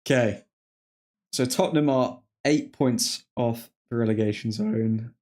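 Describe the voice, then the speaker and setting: A man's voice: mid-range voice, a little slow, darkish tone. Joking man hosting a football stream. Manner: rambling and jokey, laughing often, mock French phrases. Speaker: watchalong stream host. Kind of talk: casual live-stream chat.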